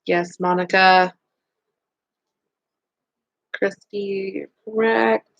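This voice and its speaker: A woman's voice: medium pitch, vocal fry, lo-fi sound. A woman teaching a beauty school class online, reviewing quiz questions with students in an upbeat, encouraging, chatty way.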